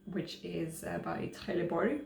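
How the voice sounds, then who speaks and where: A woman's voice: fairly low pitch, unhurried, vocal fry, a little mellow. A woman chatting casually to camera, hesitant, with many fillers and restarts. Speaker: travel vlogger. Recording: roomy echo, faint hum.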